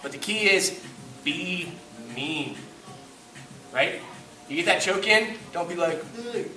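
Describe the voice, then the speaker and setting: A man's voice: high-pitched, normal speed, sharp tone, faint music behind. A man teaching a grappling class live, demonstrating on a partner and cracking self-mocking jokes as he coaches. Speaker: jiu-jitsu instructor. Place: indoor training gym. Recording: echoey gym from far off.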